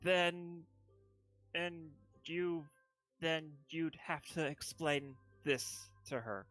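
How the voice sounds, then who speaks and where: A man playing a tabletop game, speaking in character in a hesitant, halting way. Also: a little high, fairly bright tone, soft background music. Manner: hesitant, halting, restarts often. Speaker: player. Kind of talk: casual in-character play.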